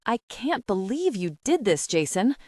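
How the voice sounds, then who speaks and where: A woman's voice: medium pitch, big pitch swings, unhurried, mellow, dry recording, clean studio sound. A woman voicing a hurt young woman who accuses her boyfriend, tearful and upset.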